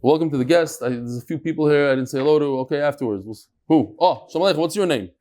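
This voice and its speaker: A middle-aged man leads a daily Talmud class in a lively, jokey way, his voice sitting a little high for a man. He shifts between plain English and Hebrew-Aramaic terms as he explains. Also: very fast. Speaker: Talmud class teacher and host. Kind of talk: lively Talmud lesson to a live group.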